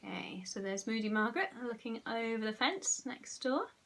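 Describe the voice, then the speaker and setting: A woman's voice: fairly high pitch, expressive, normal speed, a bit bright. A woman teacher reading a children's storybook aloud expressively and pointing out the pictures. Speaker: primary school teacher.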